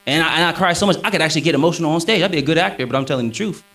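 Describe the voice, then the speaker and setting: Speaking very fast over poor audio, a man preaches on scripture from a stage in front of an audience. His delivery is lively, with a swinging pitch and preacherly emphasis.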